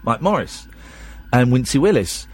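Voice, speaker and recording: A man's voice: medium pitch, big pitch swings, normal speed, darkish tone, slightly rough. A tired man, hosting a late-night radio show in a rambling, chatty, self-deprecating way.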